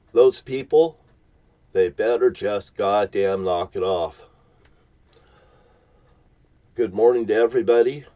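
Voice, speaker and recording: A man's voice: lowish voice, dark tone. A man ranting at the camera from his parked vehicle in a profane, threatening, preachy tone. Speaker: vlogger.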